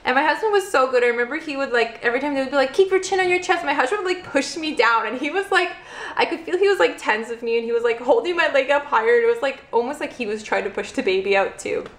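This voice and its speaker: A woman's voice: high voice, lively intonation, fast talker. Chatty young woman vlogger, roomy echo. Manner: chatty, heavy use of "like" fillers. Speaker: vlogger, first-time mother. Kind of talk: casual storytelling to camera.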